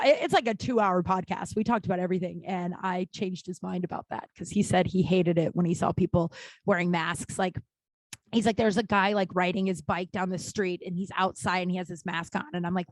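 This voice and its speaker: A woman's voice: fairly low pitch, no echo. Candid, profane woman podcaster in a dry room. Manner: candid and profane, rambling with restarts, swinging into animated outbursts. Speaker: podcast host. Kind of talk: casual solo podcast monologue.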